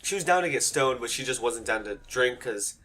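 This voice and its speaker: A man's voice: medium pitch, expressive, a little fast, pushed and bright. Young man, casual storytelling, rambling, swearing, acting out quotes. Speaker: storytime vlogger.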